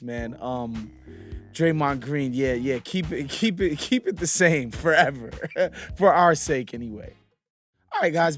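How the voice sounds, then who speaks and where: A man from New York hosting a casual basketball commentary show, animated and opinionated, often laughing. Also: on the high side. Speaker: host.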